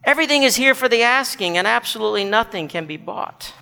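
A man's voice: very high-pitched, animated, fast, gravelly, smooth, pitched above the performer's own voice, exaggerated voice. A man doing a patient, kindly heavenly man. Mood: gentle. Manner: patient, gently persuasive. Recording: long hall reverb.

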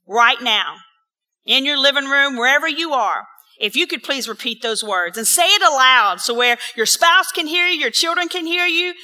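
A woman pastor giving an earnest, encouraging sermon in an empty auditorium, reading scripture slowly and repeating key words for emphasis. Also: high voice, sharp tone.

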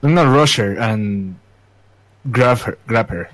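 A man's voice: lowish voice, measured pace, rough recording. A young man playing a tabletop game, stating his actions in a plain, matter-of-fact way. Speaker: player. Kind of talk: casual tabletop play.

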